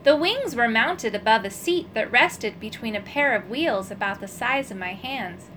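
A woman narrating a children's storybook in an expressive, storytelling manner. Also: fairly high pitch, normal speed, slight background noise. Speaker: audiobook narrator.

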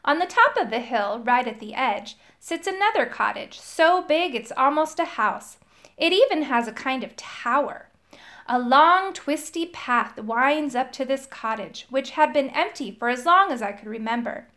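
A woman reading a children's story aloud, telling it in the first person with an expressive storyteller's lilt. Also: sits high, normal speed. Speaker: storybook reader.

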